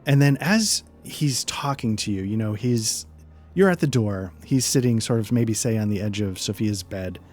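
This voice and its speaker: A man's voice: lowish voice, moderate pace, a little mellow, soft background music. A man narrating a tabletop game as game master, rambling and hesitant with many fillers.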